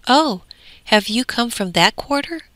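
A woman's voice: fairly high pitch, animated, measured pace, fairly bright tone, no echo, pitched above the performer's own voice. A woman voicing the old mother of the winds, stern and scolding. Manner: scolding, firm.

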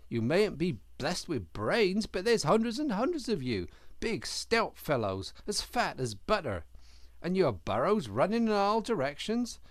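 A man voicing a hearty, cheerful male otter who tells his news in a breezy, excitable way. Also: fairly high pitch, a little slow, no room sound, studio quality, pitched above the performer's own voice. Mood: cheerful, excited.

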